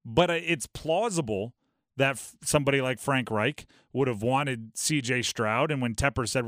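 A man hosting a sports talk radio show, talking in an animated, quick way and dropping into mock voices for bits. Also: mid-range voice, no echo, studio quality. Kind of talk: casual sports talk monologue.

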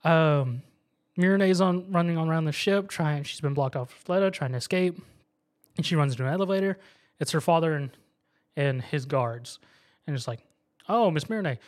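A man's voice: on the high side, normal speed. A man casually recapping an anime episode, acting out the characters' lines as he goes. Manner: animated storytelling, acts out characters' lines. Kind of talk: casual chat.

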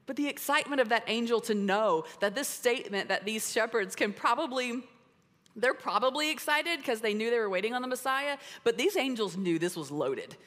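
A woman speaker giving an animated, conversational sermon to a room full of women at a church gathering. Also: on the high side, brisk. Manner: animated and conversational, with lots of "like" and "right?". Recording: long hall reverb.

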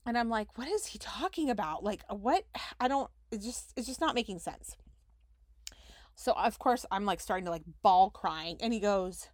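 A woman's voice: mid-range voice, expressive, moderate pace, no room sound. A young woman telling a personal story on her podcast, with chatty delivery full of "like" as she reenacts conversations. Her voice sits in an ordinary middle range, close and dry with no room sound. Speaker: podcast host. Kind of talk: casual storytelling.

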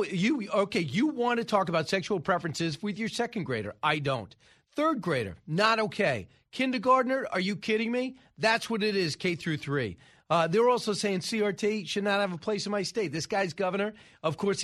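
A man's voice: high voice, a bit bright. A man hosting a talk radio show, giving emphatic, scoffing political commentary into a studio microphone. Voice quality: emphatic, scoffing, frequent uh fillers.

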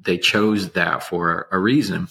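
A man with a very deep, slightly husky voice speaks slowly and evenly. His delivery is measured and soothing, with an unhurried calm. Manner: slow, measured, unhurried speech. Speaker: guest, attorney. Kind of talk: casual interview talk.

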